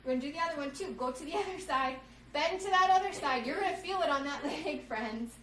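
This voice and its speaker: A woman's voice: high-pitched, fast, fairly bright tone, a little hiss or hum. A woman children's yoga instructor reading a storybook aloud and guiding children through poses at home, upbeat and encouraging, calling them "friends". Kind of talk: reading a storybook while leading kids' yoga. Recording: roomy sound from a distant mic with faint ambience.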